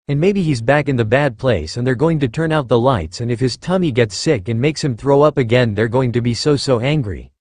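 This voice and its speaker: Brief: male narrator, storybook reading, lively melodic delivery, dry close recording. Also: mid-range voice, dry recording. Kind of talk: reading fan fiction aloud.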